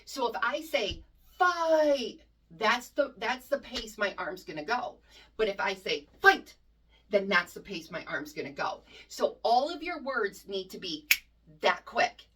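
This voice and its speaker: A woman's voice: medium pitch, animated, a little slow, breathy edge, distant mic. Brief: woman cheer coach, instructional and emphatic, heard a bit away from the mic. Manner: emphatic, demonstrates chants loudly.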